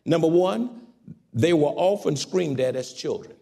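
A man preaching a sermon, swinging from loud exhortation to soft, low asides. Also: animated, measured pace, vocal fry, slightly rough.

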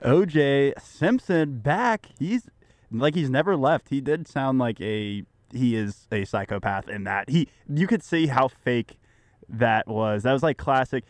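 A man's voice: mid-range voice, animated, a little slow, dry recording. Male radio co-host, casual joking banter, dry close studio mic.

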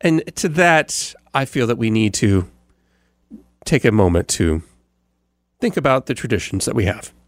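An American morning radio host delivers a loose, rambling daily recap in a casual podcast monologue, frequently using fillers and restarting sentences. His mid-pitched voice is very animated but a little slow, with long pauses, on a dry, close mic.

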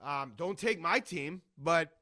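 A man from Boston talks sports on the radio in a high, bright voice. He rambles through his points, circling back with quick asides and restarts. This is loose sports talk. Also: expressive.

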